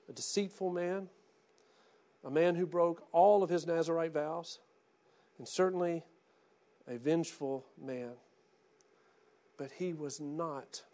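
A man preaching a sermon as pastor, swinging between hushed pleading and loud impassioned cries. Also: fairly high pitch.

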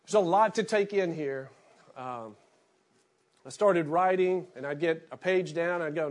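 Pastor guy, kinda high voice, reads the bible passage then just talks to the church easy like. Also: unhurried. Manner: reads scripture aloud, then preaches in a conversational, anecdotal way. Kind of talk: sermon with scripture reading.

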